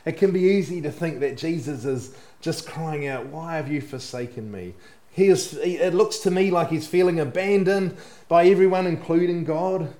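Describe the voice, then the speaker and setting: A man delivers a sermon with earnest conviction, his voice sitting slightly higher than most men's. He lets the ends of his phrases sink low and quiet. The sound is roomy, with a clear echo around him. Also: normal speed. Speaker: pastor.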